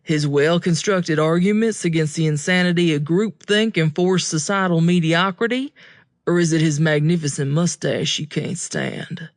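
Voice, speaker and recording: A woman reading an audiobook, voicing a serious young man who teases and quotes poetry in a slow, low, deliberate way. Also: dry recording, clean studio sound, close to an everyday voice. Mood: teasing.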